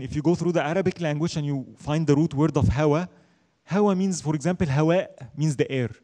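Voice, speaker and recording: Emphatic, high-voiced male religion teacher. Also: warm tone. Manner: emphatic, asks and answers his own questions; recites Arabic verses quickly. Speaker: Islamic studies teacher. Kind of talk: classroom lecture.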